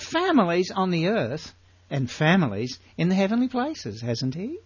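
An older man with an Australian accent teaching the Bible in a sermon, full of rhetorical questions and drawn-out emphasis. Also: fairly high pitch, very animated, slightly rough, no room sound, highs cut off.

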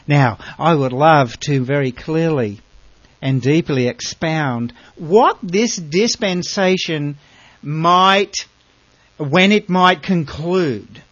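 A man's voice: on the high side, dry recording, highs cut off. Emphatic man teaching a Bible lesson. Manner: earnest, emphatic, asks rhetorical questions.

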